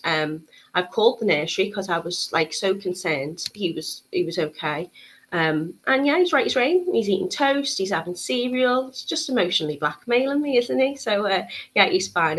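A young woman with a lowish, slightly bright voice hosts a live bead-craft tutorial stream for a bead shop. She's bubbly and chatty, greeting viewers and filling pauses with plenty of ums.

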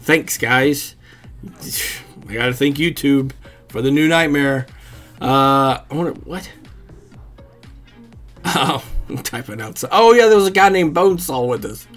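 A man with a drawl talks through his match in a loose, easygoing ramble, with salty language and quick chuckles. His pitch sits right in the middle for a man. Game music plays faintly behind him. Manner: relaxed and rambling, swears freely, chuckles often. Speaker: gaming commentator. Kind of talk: casual gameplay commentary.

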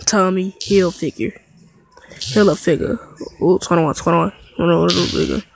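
A woman playing a video game, chattering excitedly and throwing loud trash talk, often breaking into shouts. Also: on the low side, a little slow, gravelly, noisy background. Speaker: gamer streaming gameplay.

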